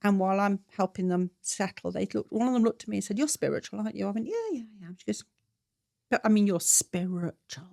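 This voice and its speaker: A woman's voice: medium pitch, fast talker, creaky, no echo, studio quality. A woman with an English accent, a guest on a podcast, telling stories casually and acting out what people said. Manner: animated anecdote teller, acts out quotes. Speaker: guest, celebrant.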